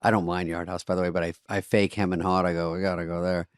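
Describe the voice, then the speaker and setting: A man's voice: deep voice, little pitch movement, fast, dry recording. A man co-hosting a podcast, chatting casually and telling dry, self-mocking stories. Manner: dry, self-mocking storytelling with acted-out quotes. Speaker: podcast co-host. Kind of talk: casual chat.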